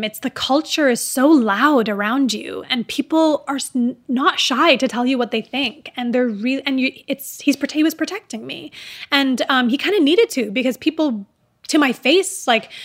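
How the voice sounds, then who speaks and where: A young adult actress with an unusual voice, chatting casually in an interview, rambling with lots of "like" fillers and restarts. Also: female voice, high-pitched, a bit bright. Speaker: actress guest.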